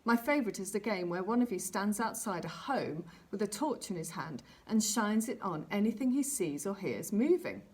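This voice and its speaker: A woman's voice: mid-range voice, sing-song, normal speed, few pauses, slightly rough. A woman voicing a cheerful, confident boy scout who teases a little, in a storybook reading. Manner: bright, bossy, teasing.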